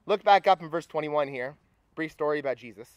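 A young adult man preaching a sermon at a campus retreat, energetic and rallying the crowd. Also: fairly high pitch, brisk, no echo, dull audio.

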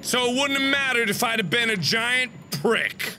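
A young man in his twenties doing let's play commentary, loud, theatrical and jokey, often breaking into shouts. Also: very high voice, moderate pace, slight background noise. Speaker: gaming host.

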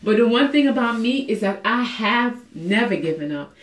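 A woman's voice: on the high side, lively intonation, moderate pace. A woman talking candidly and emotionally in a personal fitness vlog, earnest and confessional, with many fillers. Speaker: fitness vlogger. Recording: echoey room.

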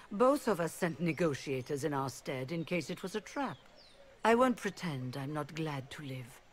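A proud rebel mage leader speaks in a formal, persuasive way. Her voice sits mid-range. Faint background noise runs behind the game dialogue. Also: low voice. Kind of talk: video game voice acting.

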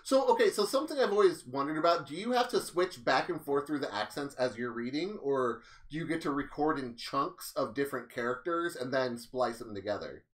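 Playful, animated man co-host. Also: mid-range voice, a little fast, few pauses. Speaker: game night co-host. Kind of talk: casual chat, promoting the stream.

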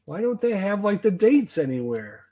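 A man hosting a casual live stream, chatty and quick to tease his co-host. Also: sits high, very animated, dark tone.

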